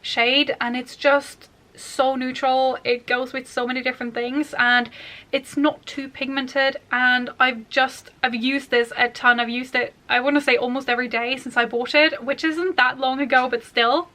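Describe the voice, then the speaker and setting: A woman's voice: high voice, level tone, moderate pace, bright, forceful tone. A woman beauty vlogger talking casually and at length about her makeup, with many fillers. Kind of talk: chatty makeup collection vlog.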